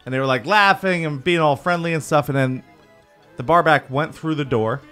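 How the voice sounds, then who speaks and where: A man's voice: a little high, moderate pace, fairly bright tone, clean tone, faint music behind. A man in casual podcast chat who tells profane stories and laughs often. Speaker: podcast co-host.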